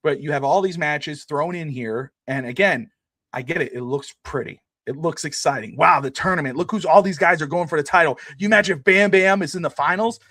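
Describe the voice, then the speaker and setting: A man's voice: a little high, brisk, sharp tone, no echo, studio quality. A man co-hosting a podcast in casual sports chat, rambling with lots of filler words. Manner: rambling, many "you know" fillers. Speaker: podcast co-host.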